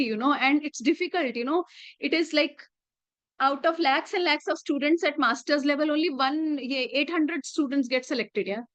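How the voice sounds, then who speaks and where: A woman in her late thirties, a teacher with an Indian accent, chats through classroom anecdotes and drops in Hindi phrases along the way. Her high voice has a fairly bright tone, and the dry recording is slightly muffled.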